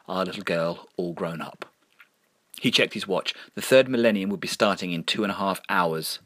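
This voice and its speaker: A man narrating a story in a sardonic, deadpan reading. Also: deep voice, dry recording, studio quality.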